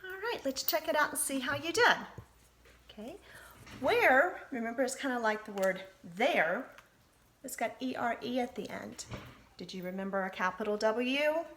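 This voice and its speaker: A woman's voice: fairly high pitch, animated, fairly bright tone. A woman teacher giving a spelling lesson to young pupils, spelling out letters one by one with patient encouragement. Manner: slow, deliberate dictation, spelling out letters one at a time.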